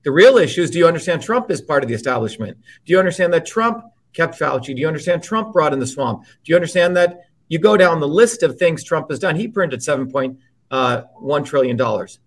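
A man with a slightly high voice holds forth as a guest in a heated political interview. He is blunt and profane, pressing every point with force. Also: lively intonation, fast.

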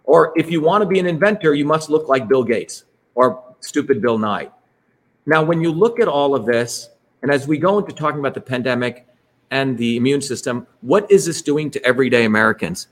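A man's voice: medium pitch, animated, brisk. A man presenting to an audience in a rambling, emphatic way, full of digressions and tag questions. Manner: emphatic, digressive, keeps asking "right?" and inserting "by the way". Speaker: presenter leading an online talk.

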